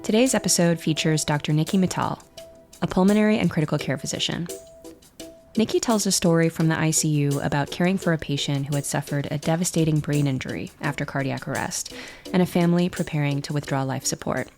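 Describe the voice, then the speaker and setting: A woman hosting a podcast reads her introduction in a calm, measured way. Her voice is very low and gravelly with a touch of fry. Soft music plays faintly underneath. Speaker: podcast host.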